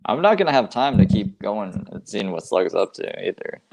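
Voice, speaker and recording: A man's voice: fairly low pitch, sing-song, moderate pace, creaky. A man in casual chat, laid-back, giving brief replies and laughing along.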